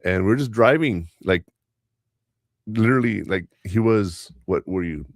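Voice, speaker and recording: A middle-aged man hosting a podcast, telling family stories in a rambling, animated way. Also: fairly low pitch, normal speed, no echo, clean studio sound. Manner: rambling, animated storyteller who mimics voices. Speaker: podcast host. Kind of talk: casual storytelling chat.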